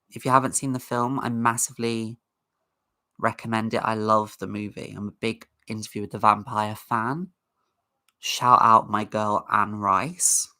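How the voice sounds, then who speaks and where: A woman's voice: rumbling low, bright, forceful tone. A woman hosting a casual livestream, chatting in a rambling way and greeting viewers in the chat. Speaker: livestream host.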